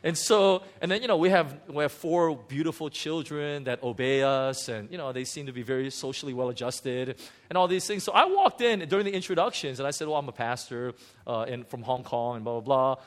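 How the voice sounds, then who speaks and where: A man's voice: mid-range voice, brisk. A man who is a pastor, telling a candid, self-mocking story from his own marriage in a sermon, with many restarts and fillers. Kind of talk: sermon testimony.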